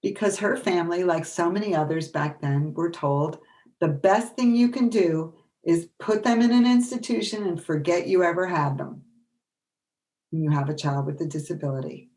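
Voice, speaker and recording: A middle-aged woman presenting a workshop, telling animated stories and acting out the voices of people she quotes. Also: lowish voice, moderate pace. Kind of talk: storytelling lecture.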